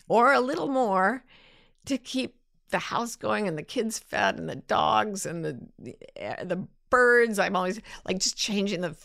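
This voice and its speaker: A woman's voice: lowish voice, vocal fry, a bit bright, no echo, clean studio sound. A woman hosting a talk, answering listener questions in a candid, self-deprecating way. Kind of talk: reflective casual talk.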